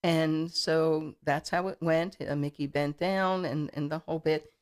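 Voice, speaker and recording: A woman's voice: low voice, steady tone, unhurried, darkish tone. A middle-aged woman guest in a studio interview, telling a story in a chatty way, with frequent fillers and repeated words. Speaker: political candidate, guest.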